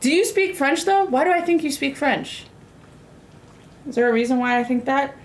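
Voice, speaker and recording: A young woman from the US cooks on a live stream and chats casually with her audience, sounding sassy and rambling with lots of filler words. She speaks at a normal speed in an expressive voice that sits high.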